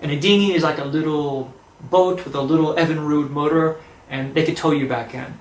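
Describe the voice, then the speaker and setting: Animated male storyteller, echoey room. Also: fairly high pitch, a little fast. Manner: animated, acts out quoted dialogue. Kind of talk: personal storytelling.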